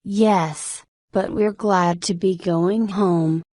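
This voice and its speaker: A woman reading the lines of a lovesick young film actress in a slow, plain voice. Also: fairly low pitch, fairly even intonation, darkish tone, no room sound, studio quality. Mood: polite.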